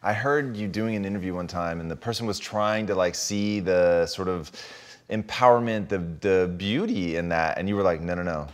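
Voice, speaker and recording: Low-voiced, enthusiastic male host. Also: moderate pace. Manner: enthusiastic, swears freely, grows emphatic. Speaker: podcast host. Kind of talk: casual interview chat.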